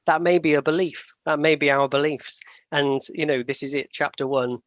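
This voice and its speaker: A man's voice: on the high side, fairly even intonation, normal speed, fairly bright tone, no room sound, dull audio. A man hosting a podcast, telling stories in a rambling, self-deprecating way with plenty of fillers and restarts. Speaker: podcast host. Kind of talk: casual conversational podcast chat.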